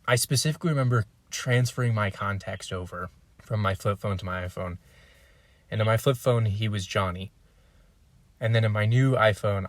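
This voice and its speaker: A man's voice: lowish voice, normal speed, dry recording. A man hosting a podcast, talking in a reflective, emotional way with frequent restarts. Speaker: podcast host. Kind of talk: casual interview chat.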